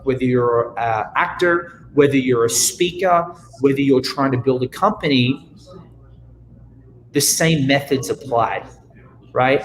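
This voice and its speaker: An Australian man giving an energetic motivational talk as a guest speaker, often acting out what people say. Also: medium pitch, slight background noise, poor audio. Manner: energetic, animated, acts out quotes.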